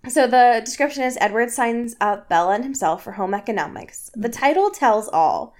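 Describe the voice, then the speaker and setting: A woman's voice: fairly high pitch, animated, moderate pace, darkish tone. A young adult woman co-hosting a podcast, reading fan fiction aloud with laughter, swearing and dramatic delivery. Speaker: podcast co-host.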